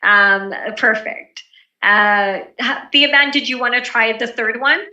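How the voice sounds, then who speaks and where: Bright encouraging woman teaching online. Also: fairly high pitch, slow, roomy sound, distant mic, dull audio. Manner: relaxed and encouraging, with many fillers. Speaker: presentation skills instructor.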